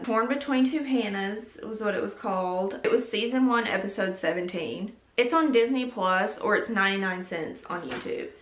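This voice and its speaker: A woman's voice: mid-range voice, slight background noise. A young woman hosting a casual video, chatting and giggling about TV episodes with lots of "like". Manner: chatty and giggly, heavy use of "like". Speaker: YouTube host. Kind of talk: casual chat reviewing TV episodes. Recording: roomy echo, mic at a distance.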